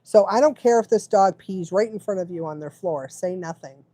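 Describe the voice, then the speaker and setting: A woman's voice: medium pitch, normal speed, warm tone, no echo. A woman dog trainer giving casual live advice, chatty, often laughing and checking in with the listener.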